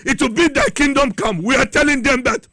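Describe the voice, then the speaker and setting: A man rallying party supporters on air, fiery and repetitive, shouting his calls and running out of breath. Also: very high-pitched, fairly quick, no room sound. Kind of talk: impassioned election-day call to supporters.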